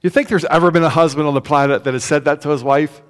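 A man's voice: fairly high pitch, fairly even intonation, quick pace, few pauses, smooth. A male pastor preaching a sermon in a conversational way, asking the congregation questions and acting out quotes. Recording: long hall reverb.

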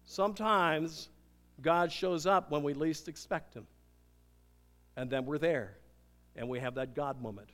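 An older man, a pastor, preaching a sermon with emphatic swings between loud declarations and hushed, intimate moments. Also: on the high side, a little slow, pauses often. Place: church sanctuary. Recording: long hall reverb.

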